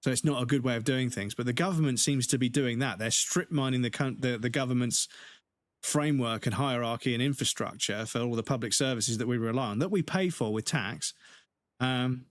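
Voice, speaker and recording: A man's voice: mid-range voice, fairly quick, no echo, clean studio sound. A man streaming a game, ranting heatedly in casual chat and swearing constantly.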